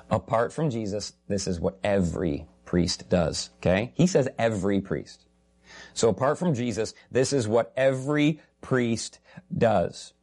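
A man's voice: medium pitch, animated, measured pace, darkish tone. A man preaching a sermon earnestly and emphatically, repeating key phrases and slipping in humorous asides.

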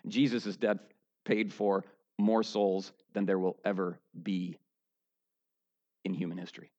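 A man preaching a sermon, going from low, quiet talk up to loud, shouted high points. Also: flat delivery, measured pace, muffled recording. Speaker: pastor.

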